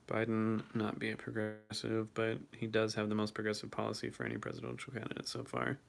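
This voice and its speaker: A man's voice: fairly low pitch, monotone, brisk, creaky. A young man hosting his first livestream, reading chat and reacting casually, swearing now and then, his voice shaking from the cold.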